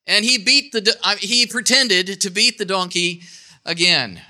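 A man's voice: sits high, a little slow, sharp tone. A man telling a Bible story aloud to an audience, ad-libbing playfully and directing volunteers who act it out. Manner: playful, ad-libbing, self-correcting.

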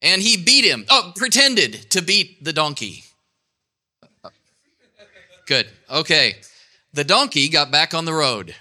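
A man's voice: fairly high pitch, sing-song, slow, long pauses, sharp tone. A man telling a Bible story aloud to an audience, ad-libbing playfully and directing volunteers who act it out. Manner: playful, ad-libbing, self-correcting.

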